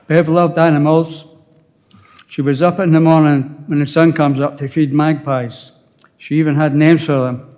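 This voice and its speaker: An older man with a Scottish accent, a widower giving a halting, emotional funeral eulogy with touches of dry humour. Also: on the high side, level tone, darkish tone, big-room sound. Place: funeral service.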